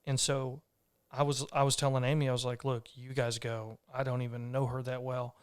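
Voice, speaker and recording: A man hosts a podcast, telling a story in an earnest, rambling way. His voice is smooth and clear, with an even, steady pitch. The sound is close and dry. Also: a little fast, no echo. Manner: earnest, rambling with restarts and fillers. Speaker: podcast host. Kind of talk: casual conversational storytelling.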